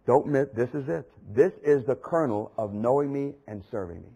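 A man's voice: mid-range voice, fast talker, few pauses, a little mellow, slightly rough, rough recording. A man preaching a sermon with impassioned, emphatic repetition.

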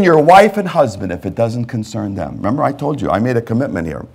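A male pastor preaching a sermon, emphatic, with repeated phrases and swings between loud and hushed delivery. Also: mid-range voice, very animated, fast, creaky, few pauses, husky.

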